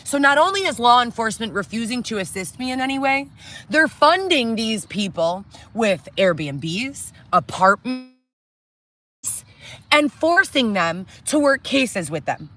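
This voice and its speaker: Agitated woman ranting, bright tense voice. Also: fairly high pitch, very animated, measured pace. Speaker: reality show cast member. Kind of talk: distraught monologue to camera. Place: inside a tent.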